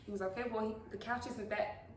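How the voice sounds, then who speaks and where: A young woman, the host, chatting casually with a mom friend and telling stories with lively, acted-out scenes. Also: fairly high pitch, fast talker, slight background noise. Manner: animated storyteller, acts out scenes with big laughs. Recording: echoey room, mic at a distance.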